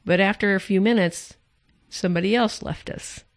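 A woman in her forties chats on a podcast, spinning family stories with bubbly, animated enthusiasm. Her voice sits at an ordinary middle pitch for a woman. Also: moderate pace. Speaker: podcast co-host. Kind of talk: casual family chat.

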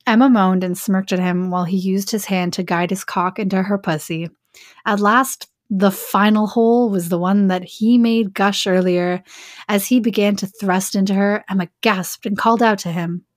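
A woman's voice: mid-range voice, fairly even intonation, moderate pace, no echo, clean studio sound. A woman podcast host reading an erotic story aloud and breaking off into joking asides.

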